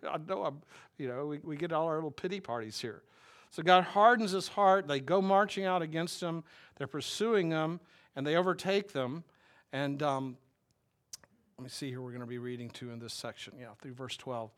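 A man's voice: on the high side, normal speed, fairly bright tone. A man preaching a sermon as a pastor, talking in a wry, conversational way and putting questions to his listeners.

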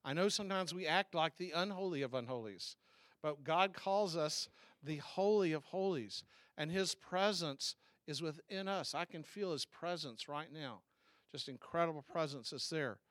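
A man preaches a sermon in an easy, conversational way, often asking questions of his listeners and restarting his thoughts. His voice sits a little high for a man. The sound is dry and close, with almost no room echo. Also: normal speed, a bit bright. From American South. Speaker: pastor.

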